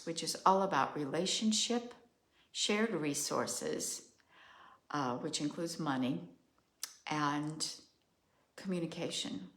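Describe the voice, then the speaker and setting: An older woman astrologer giving a reflective solo monologue, measured and musing with the odd filler. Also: deep voice, fairly bright tone. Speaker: astrologer host. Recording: roomy echo.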